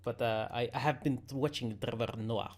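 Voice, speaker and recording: A tabletop game master narrating the scene. He pauses and restarts his phrases. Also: medium pitch, fairly even intonation, darkish tone.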